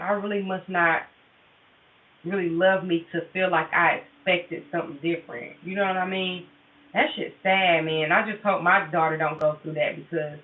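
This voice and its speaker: A woman livestreaming a tarot session, talking candidly and profanely straight to her viewers in casual chat. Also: lowish voice. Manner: candid, profane, confessional, addresses viewers directly. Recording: tinny phone-like audio, roomy and distant.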